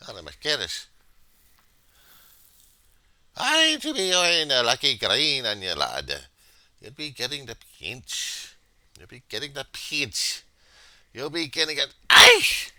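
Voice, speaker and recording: A man's voice: rumbling low, moderate pace, sharp tone, dry recording, full character voice. A man putting on a hammy mock Irish brogue as a jolly fellow greeting lads and lasses in a comic bit. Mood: hammy, teasing. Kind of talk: comic put-on accent bit.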